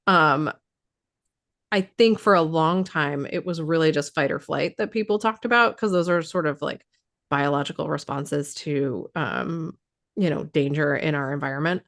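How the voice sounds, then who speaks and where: A woman's voice: deep voice, moderate pace, vocal fry, a bit bright. A woman who is losing her voice explains trauma responses in casual talk, thoughtful, with many fillers and restarts.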